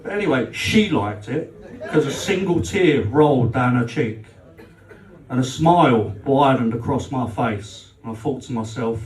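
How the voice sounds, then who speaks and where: Here the comic uses a medium-pitched, expressive voice at a measured pace, performing live in a club function room. Cheeky and foul-mouthed, he needles the audience and acts out arguments with his girlfriend, heard through roomy sound from a distance.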